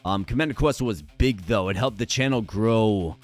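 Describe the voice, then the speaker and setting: A man with a hoarse voice, chatting energetically with viewers during a live stream. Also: fairly low pitch, normal speed, no echo, soft background music.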